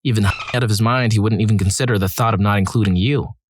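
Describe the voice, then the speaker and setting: A man's voice: lowish voice, fairly even intonation, fast, slight background noise. A man narrating read-aloud stories in a scripted style, adding wry, dry asides between them. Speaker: story narrator.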